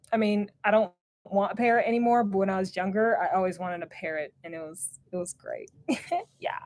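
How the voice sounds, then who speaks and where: A woman's voice: a little high, a little mellow. Bubbly young woman chatting on a livestream. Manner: bubbly, greets viewers by name, laughs often. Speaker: crochet livestream host. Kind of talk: casual live-stream chat reading comments.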